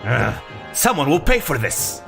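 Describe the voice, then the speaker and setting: A man's voice: a little high, very animated, creaky, over music, pitched above the performer's own voice, exaggerated voice. A man voicing a fierce, haughty woman general who sneers and threatens. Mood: scornful. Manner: scornful, threatening, drawn-out growls.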